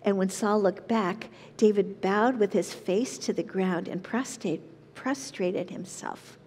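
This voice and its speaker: A woman leading a Bible study, reading verses aloud and explaining them in an earnest, measured way. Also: medium pitch, darkish tone, husky, long reverb tail. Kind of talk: reading and teaching scripture.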